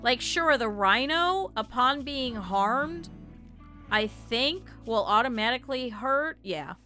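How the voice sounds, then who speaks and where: Young woman gaming streamer, bright clear voice, swears a lot at her colonists, bit of game music behind. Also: on the high side, lively intonation, slow pace. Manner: swears and complains at the game in bursts. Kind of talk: casual gameplay commentary.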